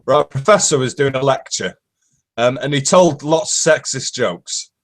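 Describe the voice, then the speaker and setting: A man's voice: mid-range voice, expressive, moderate pace. A British man co-hosting a casual live-stream chat, telling jokes and bantering. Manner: joking banter, tells jokes. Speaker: co-host.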